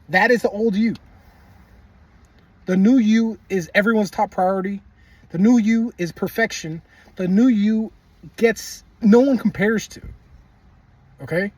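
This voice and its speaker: Guy with a husky voice hammering on affirmations, repeats himself, swears, kinda far from the mic. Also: high-pitched, a little slow, pauses often, a little mellow, dry recording. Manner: emphatic, repetitive, blunt with swearing. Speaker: manifestation video creator. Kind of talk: casual motivational talk.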